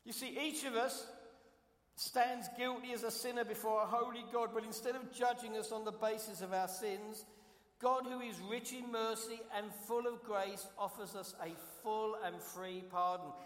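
London guest pastor, high voice, emphatic preaching style, big reverberant church sound. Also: male voice, steady tone, moderate pace, a bit bright. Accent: London English. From London, England. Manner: emphatic, repeats key phrases, asks the congregation questions. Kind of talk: preaching a sermon. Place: church sanctuary. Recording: echoey hall, long reverb.

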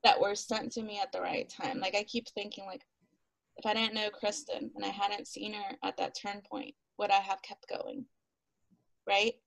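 A woman's voice: medium pitch, moderate pace, creaky, crowd noise, low-quality recording. A woman, a guest on an interview podcast, telling her story casually with frequent laughs and acted-out quotes. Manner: animated, laughs often, acts out quotes, many "like" fillers.

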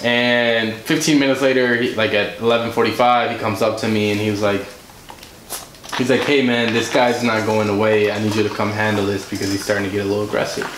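A music director and producer, appearing as a podcast guest, tells a story casually in a fairly low, fairly quick voice. He is animated and acts out the dialogue of the people involved, and the recording sounds roomy with faint noise.

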